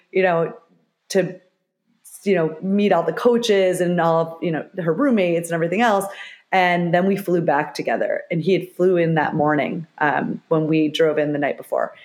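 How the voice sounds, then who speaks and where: Emotional middle-aged woman, lower voice. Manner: talks in loose restarts, emotional. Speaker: expert guest. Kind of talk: conversational interview.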